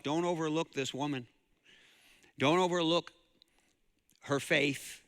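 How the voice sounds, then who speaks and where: A man's voice: mid-range voice, fairly bright tone, big-room sound. A man from the preaching a sermon as pastor, telling a story and rising to fervent emphasis. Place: church sanctuary.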